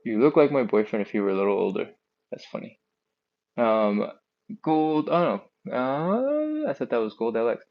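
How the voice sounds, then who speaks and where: A man's voice: mid-range voice, sing-song, highs cut off. A man leading a live stretching class, chatty and encouraging, a bit out of breath, talking into an earbud mic. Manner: chatty, encouraging, counts down slowly. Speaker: stretching instructor.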